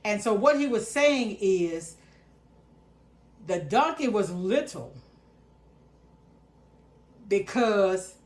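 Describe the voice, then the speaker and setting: A woman's voice: medium pitch, expressive, very slow, long pauses, darkish tone. A middle-aged woman, chatting casually through a grocery haul and talking to her viewers in a folksy way. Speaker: vlogger.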